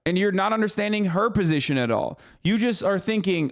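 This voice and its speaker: A man's voice: high-pitched, moderate pace, gravelly, few pauses. A man streaming a reaction to a news clip, ranting in an exasperated, profane way. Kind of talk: heated reaction commentary.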